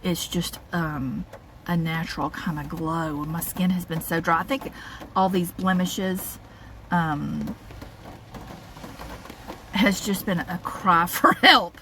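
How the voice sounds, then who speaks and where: This woman's voice sits on the low side, slow and bright, pushed, with long pauses. She's a vlogger rambling casually to camera in a parked car on a rainy day, chatty with fillers and small laughs. Rain and car sounds make the interior noisy.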